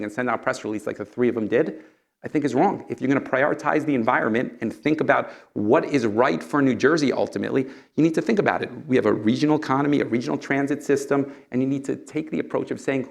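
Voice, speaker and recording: A man's voice: mid-range voice, fast, creaky. A middle-aged man answering questions as a candidate for governor at a town hall. He talks emphatically, fires rhetorical questions at the crowd and keeps tagging his points with "okay?".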